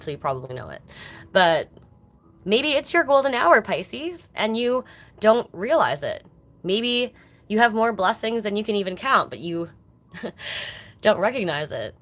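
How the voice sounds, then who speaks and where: A woman's voice: medium pitch, a bit bright. A woman giving a casual live-stream card reading, chatting with viewers in an affectionate way. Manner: chatty and affectionate, chats with viewers and calls them baby. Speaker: tarot card reader.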